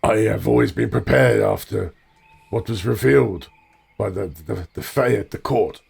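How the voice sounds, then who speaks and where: A man with a gravelly, husky voice playing a tabletop game, earnest and playful in character. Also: lowish voice, normal speed, darkish tone. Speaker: player. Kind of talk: casual tabletop play with banter.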